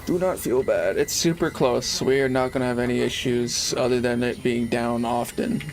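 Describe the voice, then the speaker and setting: A man's voice: medium pitch, fairly even intonation, normal speed, a little hiss or hum. A young man chatting casually while streaming a game, rambling and laid-back, swearing freely. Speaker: live streamer. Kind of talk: casual gaming livestream chat.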